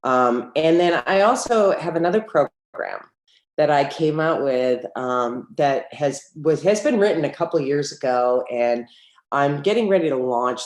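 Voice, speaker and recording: A middle-aged woman, an entrepreneur guest on an interview, telling stories in a lively way and acting out the dialogue in them. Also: sits low. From United States. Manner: lively storyteller who acts out quoted dialogue. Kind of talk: conversational interview. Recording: roomy echo.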